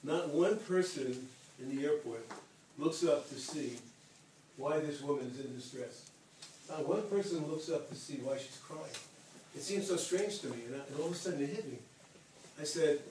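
A man telling a long personal story to an audience in an animated way, repeating phrases for emphasis and acting out the dialogue. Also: a little high, normal speed, a little hiss or hum. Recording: echoey hall from far off.

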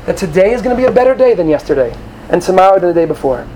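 Guy with a pretty high voice preaching to students, lively, tosses in hebrew words, faint background noise. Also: very fast, rough recording. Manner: animated, acts out quoted voices, sprinkles Hebrew terms. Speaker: rabbi or teacher addressing students. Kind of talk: sermon-style talk to young students.

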